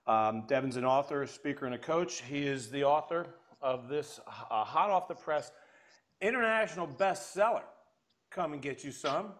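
A man's voice: a little high, expressive, normal speed, fairly bright tone. A man hosting an interview show, chatting casually and enthusiastically, often restarting his sentences. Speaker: podcast host.

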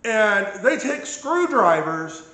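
A patient recounts his medical ordeal in a bright, forceful voice that sits high, very animated but taking it slowly, with echo around him. The account is casual and emphatic, punctuated by frequent "okay?" check-ins.

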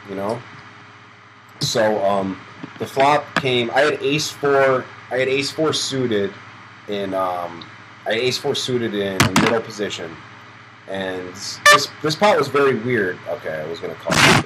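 A man's voice: fairly low pitch, lively intonation, very noisy. A young man co-hosting a poker stream, chatting casually and retelling a hand he played. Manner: quick asides about hands, storytelling. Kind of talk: casual live-stream chat.

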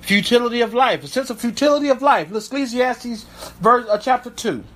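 A man's voice: extremely high pitch, brisk, fairly bright tone. A man preaching as a pastor, reading Bible verses aloud and breaking off to comment with emphatic asides. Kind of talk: sermon with scripture reading.

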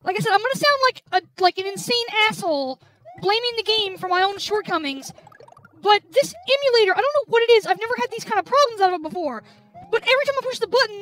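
A woman host playing a video game while drinking, swearing loudly at the game and muttering complaints between outbursts. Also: extremely high pitch, animated, fast. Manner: loud cursing outbursts at the game; grumbling under her breath between outbursts. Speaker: gaming channel host. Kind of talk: let's play commentary while drinking. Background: game music.

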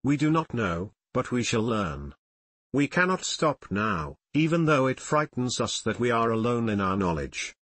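A man narrating an audiobook in a measured, solemn reading voice. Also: mid-range voice, very animated, a bit bright, no room sound. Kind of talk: scripted narration.

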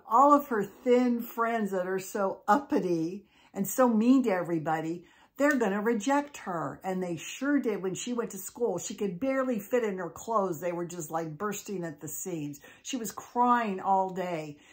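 A woman storyteller narrating in an animated, conversational way. She talks as if she were chatting with listeners, and her voice sits at an ordinary middle pitch. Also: moderate pace. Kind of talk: telling an original story.

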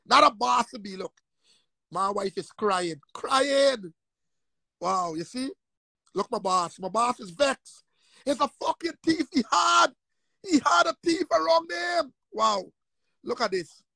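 An angry man rants on a livestream, cursing and repeating himself in a raised voice. His voice sits high and rough with fry. The sound is dry and close. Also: lively intonation, slow, long pauses, dry recording. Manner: profane, repetitive, angry and shouting. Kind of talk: heated livestream rant.

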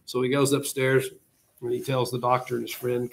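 A male teacher telling a history story to a class in a classroom, animated and dramatic in delivery. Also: mid-range voice, fairly quick, creaky.

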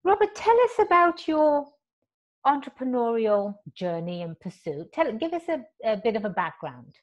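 A woman's voice: fairly high pitch, sing-song, moderate pace, muffled recording. A woman attorney hosting a podcast interview, chatty, laughing often and telling corny jokes.

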